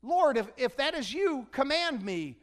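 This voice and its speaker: A man's voice: extremely high pitch, big pitch swings, measured pace, voice pushed up, heavily acted. A man preaching voices a hesitant male disciple who stammers as he pleads to his master. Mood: pleading.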